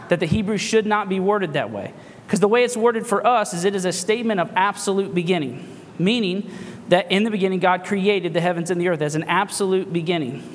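A man's voice: high-pitched, a little hiss or hum. A man preaching a sermon with impassioned, emphatic rhetorical questions, recorded in a church hall. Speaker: pastor.

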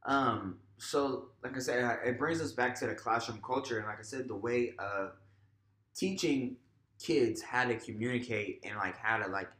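A man, a teacher co-hosting a podcast, talking in a relaxed way full of "like" and "you know," sometimes acting out what he says in class. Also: medium pitch, moderate pace, echoey room. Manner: relaxed, filler-heavy, acts out classroom voices. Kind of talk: casual conversational chat.

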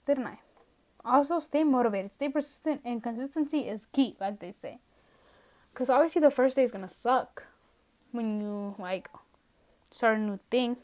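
A woman's voice: on the high side, darkish tone. A young woman hosting a casual solo podcast rant from home, rambling and self-mocking, a little out of breath. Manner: rambling, self-mocking, drifts into trailing asides. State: a bit out of breath. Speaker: podcast host. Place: at home, indoors.

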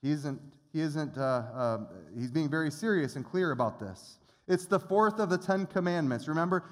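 A man's voice: fairly high pitch, animated, normal speed, few pauses. Earnest man preaching in a reverberant church. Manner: earnest, conversational preaching with repeated restarts. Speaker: pastor. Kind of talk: sermon. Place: church sanctuary. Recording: long reverb of a church hall.

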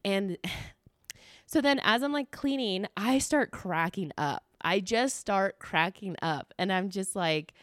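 A woman's voice: mid-range voice, takes it slowly, dry recording, clean studio sound. A young American woman hosting a casual solo podcast, telling a story with lots of self-mocking laughter and casual swearing. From United States. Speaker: podcast host.

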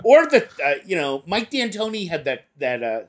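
A man's voice: high voice, very animated, moderate pace, fairly bright tone. A man co-hosting a casual sports podcast, rambling with many hesitations. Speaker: podcast co-host.

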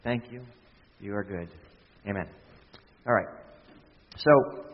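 A man's voice: fairly low pitch, husky. A man preaching a conversational sermon as pastor, with frequent restarts and asides. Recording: distant hall sound, dull lo-fi.

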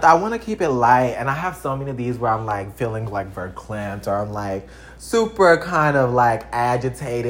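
This casual, profanity-laced vlog comes from a Texan around thirty who speaks animatedly to camera, his voice swinging sharply in pitch and loudness.

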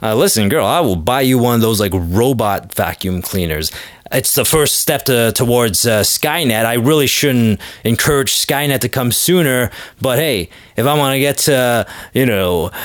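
A man's voice: mid-range voice, dry recording, studio quality. A man doing a comedic monologue with a rambling, sarcastic delivery full of fillers. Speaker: comedic podcast host.

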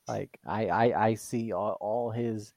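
A man's voice: on the low side, steady tone, takes it slowly, creaky, darkish tone, no echo. A man co-hosting a casual podcast, telling a story emphatically, repeating himself and swearing. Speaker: podcast co-host.

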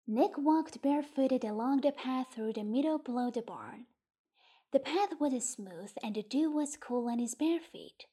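A woman narrating a literary short story in a calm, measured audiobook reading. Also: high voice, breathy edge.

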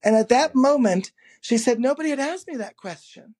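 A man, a guest in an interview, telling a personal anecdote in a lively, casual way, laughing often and acting out the quoted dialogue. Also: very high voice, brisk, husky. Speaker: interview guest, energy healer.

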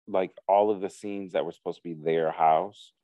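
A man casually recapping a reality show to a co-host, telling the story with lively quoted asides. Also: sits low, moderate pace, no echo, lo-fi sound. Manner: animated storytelling with profanity, acts out quotes.

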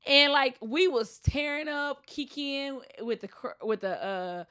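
A woman's voice: high-pitched, animated, a little slow, pushed and bright. A woman co-hosting a casual chat, bubbly and talkative, laughing often.

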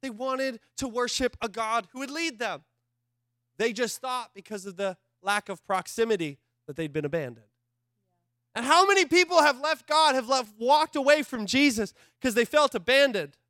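At a normal speed, a male pastor with a high, light voice delivers an animated sermon in a conversational style. He jumps between loud, excited bursts and quiet asides, recorded dry and close with little echo.

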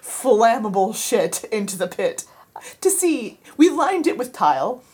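Radio co-host, woman; animated storyteller, husky, swings in pitch. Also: a little slow. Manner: animated storyteller, laughs often. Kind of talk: casual chat.

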